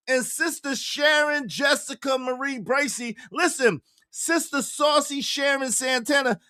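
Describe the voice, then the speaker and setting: A man hosting a livestream podcast, ranting in a repetitive, animated way and calling out his critics. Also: very high-pitched, unhurried, no echo, studio quality. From New York. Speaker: podcast host.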